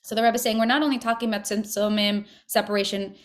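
A woman's voice: mid-range voice, fairly even intonation, fast talker. A woman leading a religious study group, speaking earnestly in a casual, conversational way and repeating words for emphasis. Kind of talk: casual spiritual teaching and text reading.

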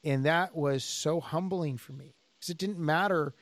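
A man co-hosting a podcast as a jiu-jitsu instructor, telling stories in a casual, animated way and acting out the people he quotes. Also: on the high side, unhurried, no echo. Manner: animated storyteller, acts out quoted dialogue.

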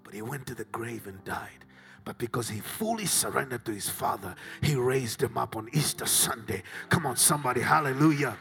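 A middle-aged man from Africa with a Southern African accent, preaching a sermon, swinging from hushed whispers to shouted climaxes. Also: medium pitch, lively intonation, normal speed, vocal fry. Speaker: pastor.

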